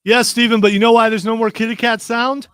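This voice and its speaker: A man's voice: extremely high pitch, flat delivery, brisk, a bit bright, clear, resonant tone, no room sound. A man hosting a casual chat show, teasing his co-hosts and giving them orders. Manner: teasing, bossy and joking. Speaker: podcast host.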